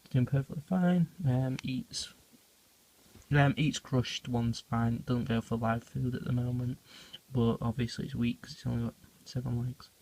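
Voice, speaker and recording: A man chats loosely through a home vlog, filling gaps with ums and hesitations. His mid-pitched voice carries a gravelly fry, and he goes hushed whenever he leans in close. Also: steady tone, moderate pace. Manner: rambling, many ums, talks quietly near the animals. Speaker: tarantula keeper filming feedings. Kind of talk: casual off-the-cuff vlog narration.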